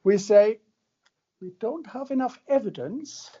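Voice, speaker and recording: Slow, lively male lecturer. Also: high-pitched, breathy edge, lo-fi sound. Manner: conversational, jokey, checks in with the audience. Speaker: university lecturer. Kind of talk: classroom lecture.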